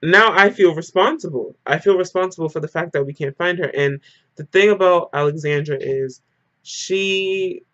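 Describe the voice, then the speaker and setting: A man's voice: fairly high pitch, normal speed. Young man telling a storytime, muffled audio. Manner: animated, emotional retelling full of "like". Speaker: storyteller vlogger. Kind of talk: casual storytime monologue.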